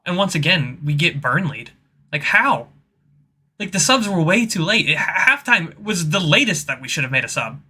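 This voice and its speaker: A man's voice: fairly high pitch, big pitch swings, moderate pace, pushed and bright, breathy edge. A man on a fan panel giving blunt, frustrated opinions, restarting sentences as he goes, over a video call. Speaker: panel guest. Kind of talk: casual fan opinion chat.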